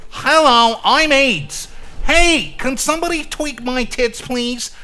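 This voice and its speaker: A man putting on a mocking falsetto of a ditzy, fake-cute young woman streamer. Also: takes it slowly, pushed and bright, exaggerated voice. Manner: mocking falsetto, giggly and vapid.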